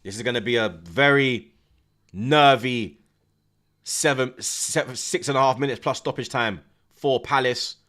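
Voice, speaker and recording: A man, hosting a live football watchalong, chatting in heavy street slang with the viewers and shouting at big chances. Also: medium pitch, unhurried.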